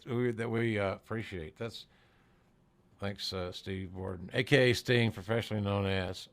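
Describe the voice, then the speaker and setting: A man's voice: mid-range voice, a bit bright. Folksy older man hosting a podcast. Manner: folksy, salty, chuckling storyteller. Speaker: podcast host. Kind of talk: casual interview chat.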